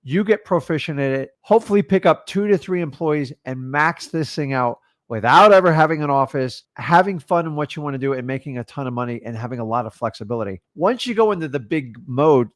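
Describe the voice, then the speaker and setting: A man's voice: on the high side, lively intonation, brisk, hardly any pauses, no echo, clean studio sound. Blunt, emphatic man coaching. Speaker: co-host and wholesaling coach. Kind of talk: casual livestream chat.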